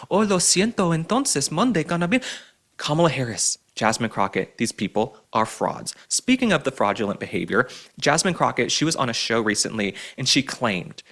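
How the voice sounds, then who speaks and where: A man's voice: mid-range voice, bright, forceful tone. A man from Dallas hosting a political commentary show, delivering an opinionated monologue in a sarcastic, theatrical way with frequent asides. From Dallas, Texas.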